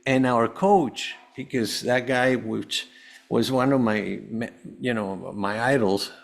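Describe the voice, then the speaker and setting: A man with an average pitch speaks as a podcast guest, recounting his life in an earnest, rambling manner. He circles back and restarts phrases often. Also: slow, gravelly. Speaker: guest, holistic health coach. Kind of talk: personal storytelling in an interview.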